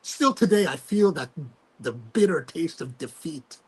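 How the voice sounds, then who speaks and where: A man hosting a casual livestream chat, telling animated stories full of fillers and restarts. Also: fairly high pitch, measured pace. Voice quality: gravelly, husky voice. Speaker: host.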